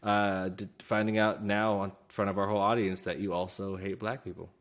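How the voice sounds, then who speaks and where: A man's voice: on the low side, level tone, brisk, fairly bright tone. A man co-hosting a casual gaming podcast, joking and teasing in loose banter. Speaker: podcast co-host.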